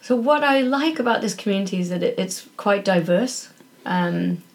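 This is a woman, a doctor who is a guest in a relaxed conversation. Her voice sits at an ordinary middle pitch for a woman. She talks in an earnest, reflective way, as if recalling memories. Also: normal speed. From England. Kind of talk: casual conversational interview.

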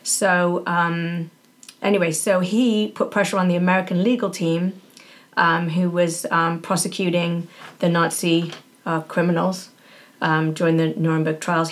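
Guest: woman from Yorkshire, chatty, loose and meandering, fond of fillers. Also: lowish voice. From Yorkshire, England. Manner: chatty, many fillers and restarts. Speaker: podcast guest. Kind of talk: casual interview chat.

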